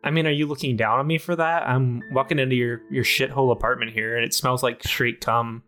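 A man's voice: medium pitch, fairly even intonation, a little fast, bright, forceful tone, soft background music, natural voice. A man in an improv comedy scene playing a hot-headed male chipmunk, a blustering former tough guy. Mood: weary.

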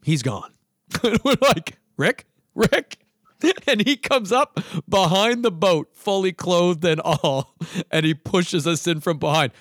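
A man telling a story in casual conversation. His voice sits fairly high for a man, and it sounds close and dry. He is animated and acts out the other people's voices. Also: slow, dry recording.

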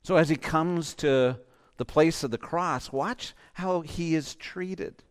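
A man preaching a sermon as pastor, impassioned, moving between loud urging and soft, hushed lines. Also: on the high side, slow, clean tone.

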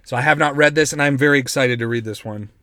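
A man hosting a podcast, reading news stories aloud and riffing on them in a joking, profane, animated way. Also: mid-range voice, fast, dry recording, studio quality. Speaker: podcast host.

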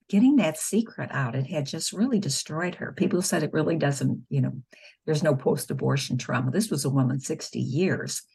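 A woman's voice: sits low, vocal fry, darkish tone, breathy edge. A middle-aged woman, a nurse and spokeswoman, telling patient stories earnestly in an interview, acting out the dialogue. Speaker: nurse and pro-life spokeswoman. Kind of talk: conversational interview storytelling.

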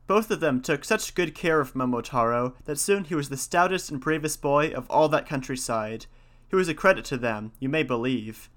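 A man's voice: fairly high pitch, normal speed, a bit bright. A man narrating an old folk tale in a folksy, old-fashioned storybook manner.

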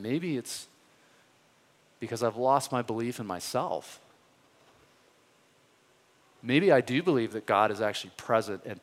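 A man preaching a sermon as a pastor, earnest and conversational, pressing his points with rising questions. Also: mid-range voice. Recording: reverberant hall.

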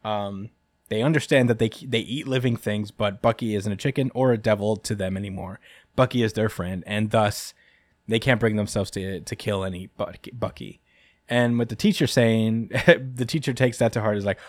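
A man's voice: fairly low pitch, steady tone, moderate pace, no echo, clean studio sound. Laid-back man recapping a story. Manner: rambling, lots of ums and laughs. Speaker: podcast host. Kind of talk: casual chapter recap chat.

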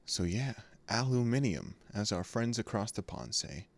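A man's voice: on the low side, sing-song, moderate pace, dry recording. A young man from California chatting casually as a podcast co-host, rambling and jokey, often laughing.

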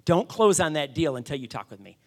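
A man voicing a cheery young male karate instructor on the phone, pitched up from his own voice. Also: animated, brisk, a little mellow.

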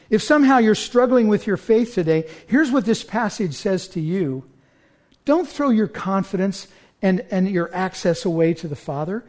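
A pastor delivers a sermon in a church, his voice pitched high for a man. He speaks earnestly and presses toward urgent appeals to his listeners. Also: darkish tone.

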